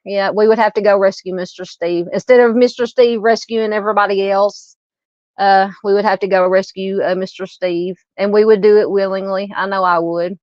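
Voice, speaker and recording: A true crime host in her fifties, with a Southern US accent, speaks in a steady, darkish, mid-range voice at a normal speed. She casually reads and responds to comments on her live stream, with many fillers and restarts. The audio is muffled with no echo.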